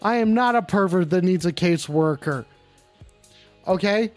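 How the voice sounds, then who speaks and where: Brash, high-voiced blustering man. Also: normal speed, faint music behind. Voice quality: brash, blustering and profane, often repeats himself. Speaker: host of a call-in show. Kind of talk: comedic call-in livestream in character. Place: indoors at home.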